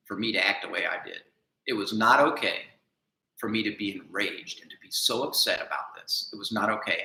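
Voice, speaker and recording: Earnest man in an echoey room. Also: mid-range voice. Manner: earnest, self-critical, swings from quiet to emphatic. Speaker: vlogger. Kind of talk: confessional monologue.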